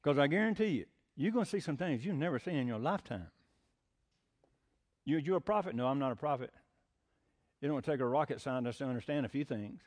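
A man's voice: medium pitch, lively intonation, fairly quick, pauses often, a little mellow. An older man preaching a folksy sermon as pastor, mixing homespun jokes with emphatic preaching. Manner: homespun, jokey asides, rising to emphatic preaching.

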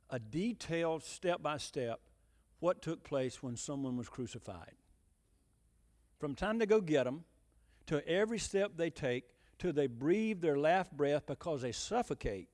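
A male preacher delivers a folksy sermon. His high voice swings widely in pitch as he drives home rhetorical questions. The delivery is emphatic and conversational. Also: expressive, normal speed, in a large hall.

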